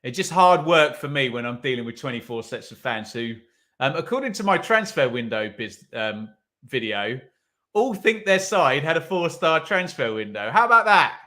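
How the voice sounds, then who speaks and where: A man's voice: medium pitch, big pitch swings, moderate pace, sharp tone. A man hosting a live football watch-along, commenting on play and reading viewer comments with wry asides.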